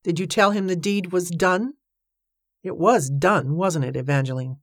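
Give me a bitter, heartbroken man speaking softly, as a woman narrator puts him on. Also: on the low side, moderate pace, no room sound, clean studio sound. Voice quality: soft, sad and accusing.

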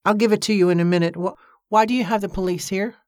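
A narrator voicing a gruff, grunting old male war veteran in an audiobook. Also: mid-range voice, steady tone, fast talker, darkish tone, no room sound, clean studio sound, close to an everyday voice. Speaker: character in an audiobook.

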